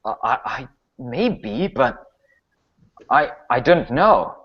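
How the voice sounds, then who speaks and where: A man's voice: mid-range voice, big pitch swings, slow pace, slightly rough, exaggerated voice. A man voicing a nervous village priest who stammers and hesitates, on a slightly dull lo-fi recording. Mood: unsure.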